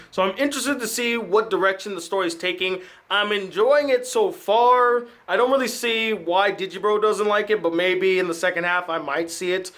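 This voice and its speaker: High-voiced man ranting sarcastically. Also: a bit bright. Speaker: film critic and channel host. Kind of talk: casual film review commentary.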